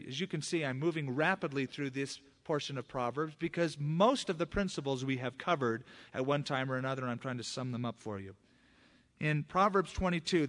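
A man's voice: a little high, fairly bright tone. A middle-aged man preaching a sermon as pastor, teaching through scripture with emphatic rises in his voice.

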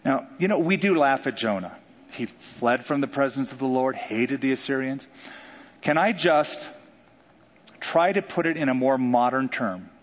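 A man preaching a sermon in an animated way, joking and acting out quotes. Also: mid-range voice, normal speed. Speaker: pastor. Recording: dull sound with long hall reverb.

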